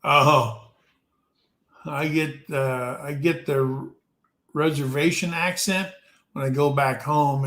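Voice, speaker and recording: A man's voice: medium pitch, a bit bright. A man from the United States hosting a casual live-stream chat, rambling along with plenty of ums and restarts. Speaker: show host. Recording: roomy echo.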